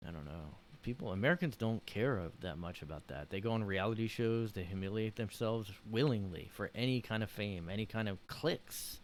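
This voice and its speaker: A man's voice: lowish voice, normal speed, few pauses, a little hiss or hum. A man hosting a casual solo podcast from his room, rambling and joking with lots of fillers. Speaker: podcast host.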